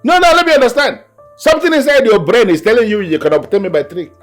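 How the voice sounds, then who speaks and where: A man's voice: fairly high pitch, very animated, normal speed, soft background music. An actor playing a stern older father who lectures and scolds, with a Nigerian accent.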